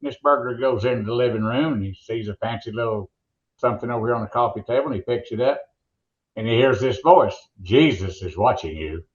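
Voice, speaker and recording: This former monster truck announcer is an older Oklahoman who talks fast in a medium pitch, and the recording is muffled. As an interview guest, he rambles through stories and jokes in a folksy way.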